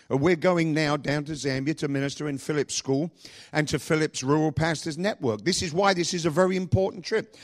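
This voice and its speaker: A man pastor preaching a sermon, asking the congregation repeated questions and speaking with lively emphasis. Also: fairly high pitch.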